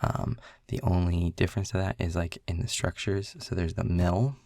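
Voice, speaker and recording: Man, casual boyfriend role-play, rambling explainer, low voice, dry close sound. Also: fairly even intonation, moderate pace, gravelly, darkish tone, dry recording. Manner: rambling, explaining game rules with filler words. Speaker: audio role-play creator.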